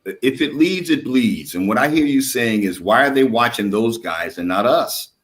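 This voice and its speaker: Slow, slurring man rambling on a live stream. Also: medium pitch, expressive. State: drinking, slightly slurred. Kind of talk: casual live-stream debate.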